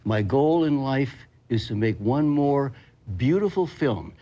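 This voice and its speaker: A man's voice: medium pitch, animated, unhurried, warm tone. An older man, an actor guest, telling stories in an interview in an emphatic, blunt, salty way. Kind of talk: emotional interview storytelling.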